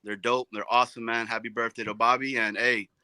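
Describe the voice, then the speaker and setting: A man's voice: mid-range voice, level tone, brisk, pushed and bright, clean tone, no room sound, poor audio. A man calling into a sports show, talking laid-back with street slang and stumbling over words. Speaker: caller. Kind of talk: casual call-in chat.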